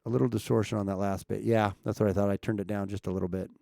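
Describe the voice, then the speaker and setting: A man's voice: fairly low pitch, flat delivery, very fast, gravelly, dark tone, no room sound, studio quality. A man chatting casually with viewers on a live stream, checking his mic and asking the chat questions as he talks. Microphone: streaming mic at home setup.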